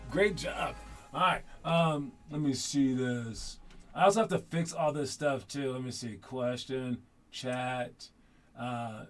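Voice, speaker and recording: Rambling man hosting a livestream. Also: on the high side. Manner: rambling, with many self-corrections. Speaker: basketball show host. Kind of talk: casual livestream chat.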